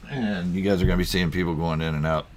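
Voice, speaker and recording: A man's voice: low-pitched, fairly even intonation, quick pace, background noise. A man hosting a casual live stream from home, rambling through viewer comments with lots of ums and chuckles. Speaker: YouTube channel host.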